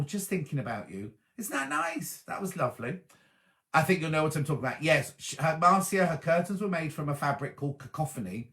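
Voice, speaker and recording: A man with a fairly high, sharp-toned voice hosts a casual live stream, chatting and reading viewer comments aloud before answering them.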